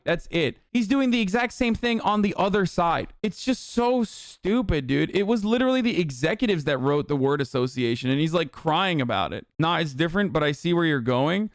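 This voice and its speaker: A man's voice: a little high, animated, normal speed, few pauses, no room sound, clean studio sound. A man giving heated, sarcastic political commentary, swearing constantly as he reacts to a clip.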